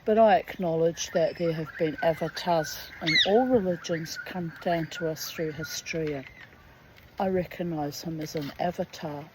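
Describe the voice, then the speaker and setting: A woman's voice: low-pitched, moderate pace, background noise. A middle-aged woman, talking bluntly and indignantly in a rambling personal monologue, swearing freely. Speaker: reader and storyteller.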